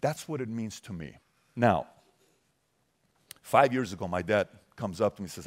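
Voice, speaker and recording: A man in his forties, from Iran, giving a motivational talk to a live audience, emphatic and questioning the crowd directly, turning soft for personal stories. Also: fairly low pitch, expressive, moderate pace. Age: 40s. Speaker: motivational speaker.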